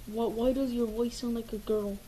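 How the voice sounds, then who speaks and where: A woman's voice: a little high, steady tone, moderate pace, dark tone, a little hiss or hum, close to an everyday voice, poor audio. A woman voicing a bossy, short-tempered male cop bird in a homemade toy skit, talking bluntly with mild swearing and stumbling restarts. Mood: gruff. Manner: blunt, swears mildly, stumbles over words.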